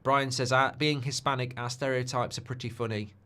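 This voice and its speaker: A man chats loosely on a live football watchalong. He is jokey and easygoing, reading viewers' comments aloud and riffing on them between thoughts. His voice sits at an ordinary middle pitch. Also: steady tone, fairly quick, pushed and bright. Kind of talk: casual live-stream chat.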